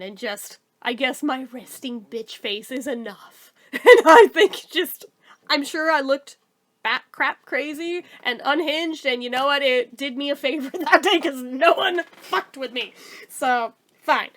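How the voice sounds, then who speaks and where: High-pitched woman, casual storytime host, animated and fed-up delivery with swearing. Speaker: storytelling YouTuber.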